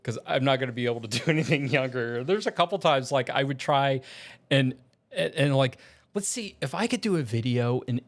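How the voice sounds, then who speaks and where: A man's voice: mid-range voice, lively intonation, a little fast. A man talking in a casual vlog as an aspiring voice actor, rambling and self-deprecating with many restarts.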